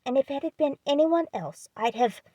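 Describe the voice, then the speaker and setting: A woman's voice: high-pitched, lively intonation, normal speed, dark tone, no room sound, muffled recording, pitched above the performer's own voice. A woman reading an audiobook, voicing a proud, hot-tempered young man who is sulking and indignant. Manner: indignant, defiant.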